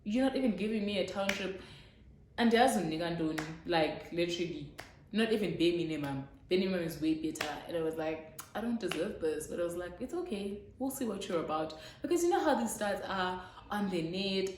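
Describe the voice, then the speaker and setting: Woman, young, frank and dramatic storyteller, lowish voice, faint background hiss. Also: fairly quick, a little mellow. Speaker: vlogger. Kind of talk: storytime vlog. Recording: echoey room.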